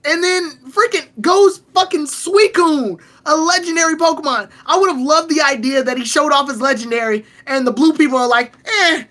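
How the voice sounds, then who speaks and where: A woman co-hosting a casual podcast, telling stories in an animated, profane way. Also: high voice, normal speed, few pauses. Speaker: podcast co-host.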